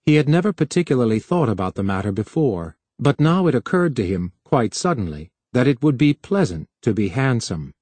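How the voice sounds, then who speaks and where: Brief: male story narrator, animated delivery, dead-dry booth recording. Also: mid-range voice, normal speed, few pauses, no room sound. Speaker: audiobook narrator. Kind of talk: scripted narration.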